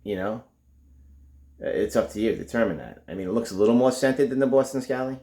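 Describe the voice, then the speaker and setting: A man's voice: mid-range voice, a little fast, mellow, reverberant. A man hosting a casual unboxing review video, laid-back, cursing freely and saying "you know" a lot. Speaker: video host.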